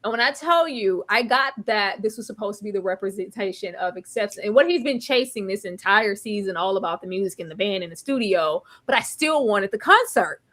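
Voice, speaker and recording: A woman co-hosting a TV review show in casual chat, animated and exclaiming, laughing and bursting into near-yells as she reacts. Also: medium pitch, a little fast, few pauses. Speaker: TV review podcast co-host.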